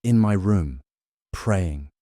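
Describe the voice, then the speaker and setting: A man's voice: low-pitched, animated, very slow, mellow, no echo, heavily acted. A man voices a stern older housekeeper woman in an audiobook mystery. She speaks tersely and stiffly. The sound is close and dry.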